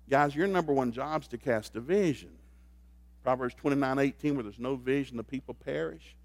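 A man's voice: medium pitch, a little fast, no room sound. Folksy joking preacher man, dry sound. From grew up in a blue-collar factory family. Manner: folksy, joking, swings from quiet to loud. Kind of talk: humorous marriage sermon.

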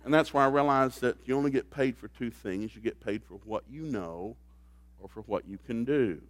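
A man's voice: medium pitch, normal speed, dry recording. Folksy joking preacher man, dry sound. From grew up in a blue-collar factory family. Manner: folksy, joking, swings from quiet to loud. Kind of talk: humorous marriage sermon.

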